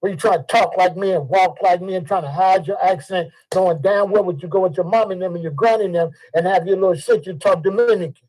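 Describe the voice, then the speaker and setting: Heated older man, high voice. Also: quick pace, few pauses, a little mellow, low-quality recording. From Chicago. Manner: heated, profane, repetitive. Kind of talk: ranting monologue.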